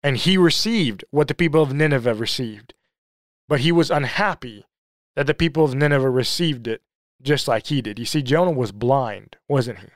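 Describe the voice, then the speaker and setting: A man's voice: mid-range voice, normal speed, dry recording. Earnest, emphatic man preaching in a dry room. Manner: earnest, emphatic, with rhetorical questions; leans hard on repeated phrases. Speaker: Bible teacher. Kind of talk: sermon-style Bible study talk.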